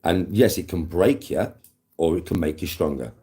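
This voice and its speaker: A man's voice: sits low, moderate pace, dark tone. A man livestreaming to his chat, talking intensely and emphatically with a lot of swearing.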